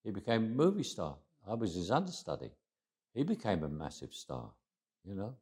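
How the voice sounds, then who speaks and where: A man's voice: on the low side, wildly swooping pitch, moderate pace, a little mellow, breathy edge. A man in his eighties recounting stories in an interview, reflective and often restarting his words. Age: 80s. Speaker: interview guest. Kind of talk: anecdotal interview storytelling.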